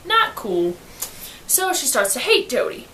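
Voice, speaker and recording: Animated slangy woman retelling a book. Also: high voice, a little slow, slight background noise. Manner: slangy, animated storytelling with acted-out quotes. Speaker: student reviewer. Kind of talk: casual book summary.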